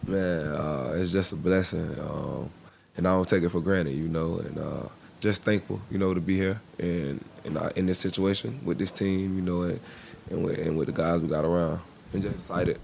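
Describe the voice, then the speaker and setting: A young man in his twenties, a football player answering radio interview questions in a halting way with many fillers. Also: sits low, fairly even intonation, gravelly, darkish tone, slight background noise. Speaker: football cornerback, guest.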